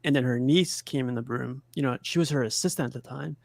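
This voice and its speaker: A man's voice: medium pitch, fast, gravelly, a little mellow, no echo. A man co-hosting a casual movie chat, chatty and giggly, telling stories. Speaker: co-host of a movie watch-along.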